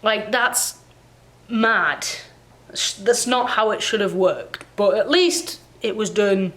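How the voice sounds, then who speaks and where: A woman's voice: mid-range voice, slow pace, fairly bright tone. A woman vlogging casually from her home, chatty and exasperated as she rants at the camera. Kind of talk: casual ranting vlog. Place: home in Canada.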